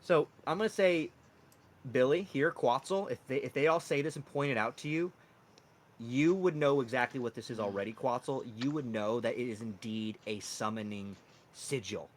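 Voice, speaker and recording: A man's voice: mid-range voice, moderate pace, slight background noise. A man narrating as dungeon master of a tabletop game, laughing often and slipping into character voices.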